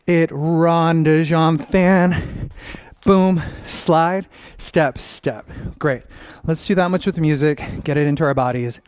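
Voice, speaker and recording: A man's voice: on the high side, slow pace, a little mellow, clear, resonant tone, no room sound, clean studio sound. A man teaching a dance combination at home, upbeat, counting steps aloud and scatting the rhythm while he moves. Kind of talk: dance tutorial instruction. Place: dancing at home.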